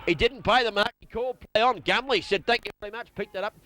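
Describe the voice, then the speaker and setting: A man with an Australian accent calling local football play by play, excitable and rapid. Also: sits high, dry recording. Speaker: play-by-play commentator.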